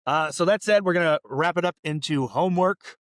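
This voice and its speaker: A man's voice: a little high, brisk, a bit bright, dry recording, studio quality. A man co-hosting a casual film podcast, telling stories in a rambling, laid-back way with lots of fillers. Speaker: podcast co-host.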